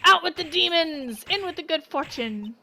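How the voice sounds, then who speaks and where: A woman voicing a cranky old man who rants and shouts accusations, with game music behind. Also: very high-pitched, expressive, moderate pace, creaky, a little hiss or hum, pitched above the performer's own voice, exaggerated voice. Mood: ranting angry. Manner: shouting, ranting, stuttering.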